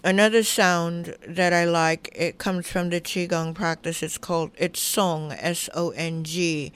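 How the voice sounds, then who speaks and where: A middle-aged woman leads a relaxation lesson with calm, soothing guidance. Her voice is smooth and clear, sits a little low, and moves at a very slow, unhurried pace. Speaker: wellness teacher. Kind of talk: guided relaxation instruction.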